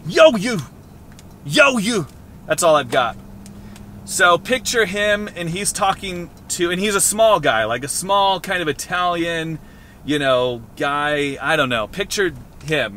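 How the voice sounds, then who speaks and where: A man's voice: on the high side, pushed and bright, slight background noise. A man in his thirties vlogging casually to a handheld camera from his car, rambling and joking. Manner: rambling, playful, jokey.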